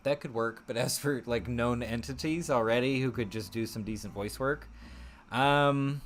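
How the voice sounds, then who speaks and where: A man's voice: mid-range voice, normal speed, soft background music. A man hosting a casual live stream, chatting in a rambling way, thinking aloud with many fillers and frequent laughs. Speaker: streamer host.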